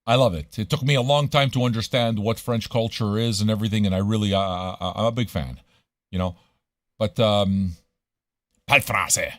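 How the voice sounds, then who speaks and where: A man's voice: lowish voice, no room sound, clean studio sound. A man from Montreal hosting a casual livestream radio show, talking in a profane, rambling way and dropping into French now and then. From Montreal, Canada.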